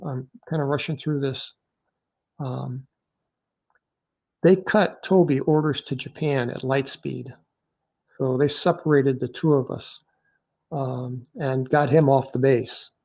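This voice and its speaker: Older guy in his 60s telling his own story to a crowd, kinda gravelly, bit high-ish voice, lots of ums and restarts. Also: dark tone. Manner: conversational, halting, with many fillers and restarts. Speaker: lecturer recounting his own experience. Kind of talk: storytelling lecture.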